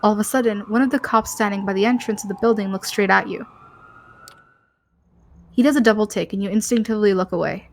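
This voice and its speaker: A woman's voice: mid-range voice, quick pace, pauses often, a little mellow, a little hiss or hum. Woman reading game narration aloud. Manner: stumbles over words, laughs often. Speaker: co-host reading a story game.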